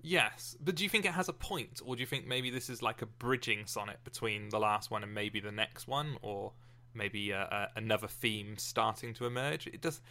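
A man co-hosting a casual, animated chat about poetry. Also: fairly low pitch, normal speed, few pauses.

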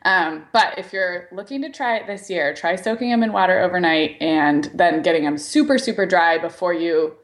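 A woman co-hosts a podcast in a casual chat, rambling along with plenty of fillers. Her voice sits on the low side, at a normal pace with few pauses.

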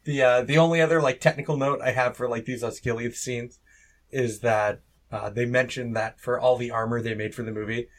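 Male podcast co-host, mid-pitch, casual banter, wry humor. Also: fairly even intonation. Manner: joking, wry, quick asides. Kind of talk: casual chat.

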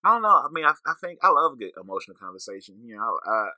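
A man's voice: medium pitch, sing-song, fast talker, pushed and bright, no echo. A man co-hosting a podcast, talking in a laid-back, reflective way and swearing casually. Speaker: podcast co-host. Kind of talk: casual chat.

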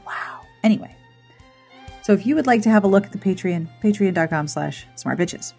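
A woman's voice: medium pitch, lively intonation, normal speed, gravelly, a little mellow, slightly rough, soft background music. A woman podcast host closing her show in a casual, playful way, chatty and amused by her own jokes.

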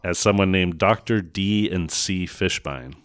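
A man with a somewhat low voice, recapping a film's plot on a podcast in a sarcastic, exasperated tone. The sound is dry and close, with no room around it. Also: unhurried, no room sound. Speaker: podcast co-host. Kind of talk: casual movie-review chat.

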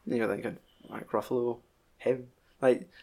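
A man with a Scottish accent chatting casually as a podcast co-host, telling a film's story in an animated, heavily sweary way. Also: medium pitch, a little slow, vocal fry. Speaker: podcast co-host reviewing a film. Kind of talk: casual chat.

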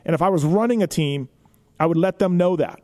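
A man hosting a podcast, telling stories in a casual, animated way with lots of filler phrases. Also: on the high side, fairly quick. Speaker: podcast host.

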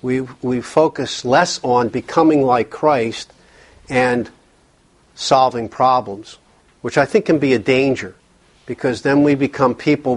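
A man speaking earnestly at a church counseling workshop, often repeating words as he thinks. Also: medium pitch. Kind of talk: conversational workshop talk.

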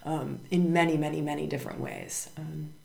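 A woman's voice: sits low, very animated, normal speed, gravelly, a little mellow, roomy sound. A woman hosting a spiritual astrology podcast, talking emphatically, repeating words and asking "right?" again and again. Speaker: podcast host.

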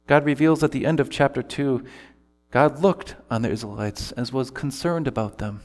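A pastor delivers an earnest sermon, giving scripture quotes heartfelt character voices. His voice is a little high and a little fast, with the sound of a big room.

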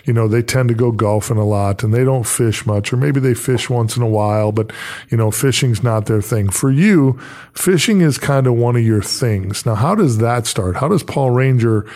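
A man at a mid pitch hosts a relaxed podcast chat. He tells stories at length in a loose, friendly way and laughs as he goes. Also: normal speed. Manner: chatty storyteller, laughs while telling anecdotes. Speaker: podcast host. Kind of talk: casual interview chat.

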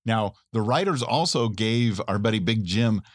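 A man's voice: fairly low pitch, lively intonation, normal speed, dry recording, clean studio sound. A man co-hosting a casual TV recap podcast, enthusiastic, laughing often and playing up the drama. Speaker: podcast co-host.

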